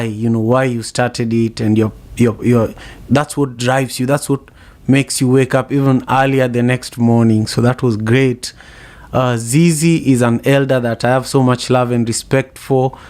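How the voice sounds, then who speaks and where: A man's voice: mid-range voice, darkish tone. A man hosting a casual online discussion, speaking reflectively with frequent fillers. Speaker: host.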